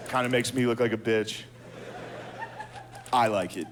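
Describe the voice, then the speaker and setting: A man's voice: mid-range voice, measured pace. Profane self-mocking stand-up comedian, man. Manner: profane, self-deprecating storytelling. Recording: clear background noise.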